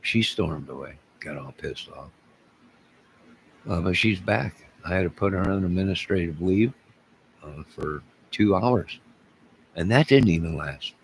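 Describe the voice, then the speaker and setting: Gravelly low-voiced man rambling on camera. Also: expressive, unhurried, long pauses, slight background noise, rough recording. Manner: rambling, digressive, with frequent restarts. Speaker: YouTube channel host. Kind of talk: rambling solo vlog.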